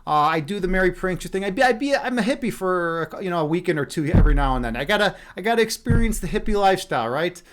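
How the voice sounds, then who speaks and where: Male streamer, high-pitched, easygoing rambling chat at home. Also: animated, quick pace, few pauses. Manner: chatty, rambling with restarts, playful. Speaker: livestream meditation host. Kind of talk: casual live-stream chat. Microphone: webcam.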